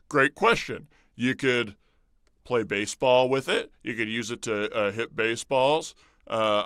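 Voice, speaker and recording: Brief: bright, dry-miked young man, jokey rambling livestream host. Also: medium pitch, no echo. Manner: rambling, jokey, with many fillers and mock pleading. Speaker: comedic presenter of a brand livestream. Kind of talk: improvised comic livestream patter.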